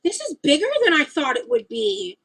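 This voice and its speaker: A young woman livestreaming as she opens gifts, talking in gushing, breathy exclamations full of fillers. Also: high-pitched, big pitch swings, moderate pace, bright, forceful tone, poor audio. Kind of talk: casual livestream chat.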